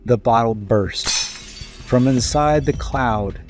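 Slow, careful male storybook narrator. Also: medium pitch. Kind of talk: children's read-aloud narration. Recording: dry voice-over with faint music.

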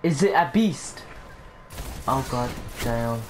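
A woman commentating her gameplay, excitable, breaking into high squeals, swearing and catchphrases aimed at her viewers. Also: slow pace, pauses often, a little hiss or hum. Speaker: gaming channel host.

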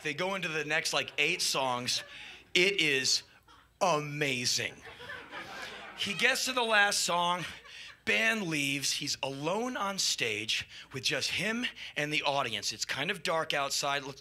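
A man telling a wild anecdote in an excitable, profane way, shouting and mimicking sound effects as he goes. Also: fairly high pitch. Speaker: spoken-word storyteller.

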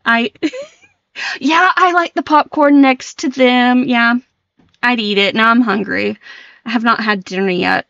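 Giggly woman streamer, casual stream chat, bright forward tone, fairly high voice. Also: dry recording, lo-fi sound. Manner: giggly, flustered, laughs often.

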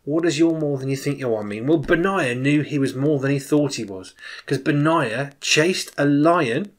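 A man in his forties, a children's minister, giving an informal, animated personal testimony as a sermon, with emphatic swings in loudness. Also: fairly high pitch, normal speed.

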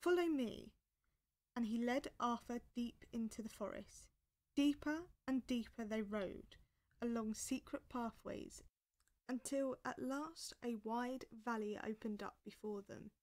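A woman narrating a storybook aloud with expressive delivery. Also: fairly high pitch, measured pace.

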